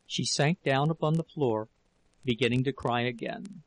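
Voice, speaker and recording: A man narrating a novel in a slow, dramatic reading. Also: medium pitch, gravelly, no room sound, poor audio. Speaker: audiobook narrator. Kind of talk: scripted narration.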